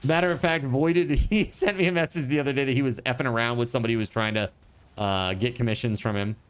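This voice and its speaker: While streaming a survival game, a man with a smooth, medium-pitched voice offers casual, excitable commentary. He swears freely, yelps when alarmed, and bursts out laughing, retelling chats in quick put-on voices.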